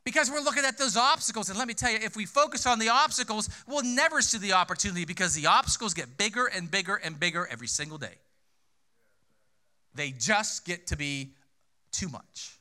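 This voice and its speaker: A man's voice: a little high, animated, normal speed, pushed and bright. A male pastor preaching a sermon in a conversational way, asking rhetorical questions and repeating key phrases for emphasis.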